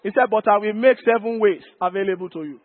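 Man, pastor, emphatic sermon, very high voice, tinny phone-like sound. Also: fast. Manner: emphatic preaching, repeats key phrases, calls to the congregation. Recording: lo-fi phone-like church recording with long reverb.

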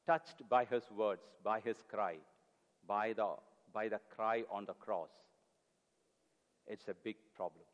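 A man's voice: on the low side, dull audio. A man preaching a sermon, earnest and pleading, repeating his key phrases for emphasis. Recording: long hall reverb.

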